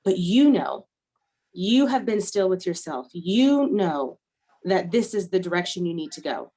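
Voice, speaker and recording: A woman's voice: fairly low pitch, lively intonation, measured pace, mellow. A woman, an airline first officer, telling a personal story as an interview guest, earnest and repeating key lines for emphasis.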